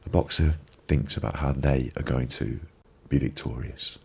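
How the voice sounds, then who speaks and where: A man's voice: a bass voice, normal speed, vocal fry, a little mellow, slightly rough. A man hosting a live stream, giving a reflective motivational talk on a binaural microphone and repeating phrases for emphasis. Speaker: ASMR live-stream host.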